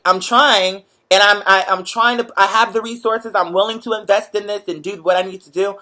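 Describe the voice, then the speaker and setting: A young man hosting a show, chatting to viewers in a lively, profane, motivational storytelling way. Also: high-pitched, a little fast. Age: young adult. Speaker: show host. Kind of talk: casual livestream chat to viewers.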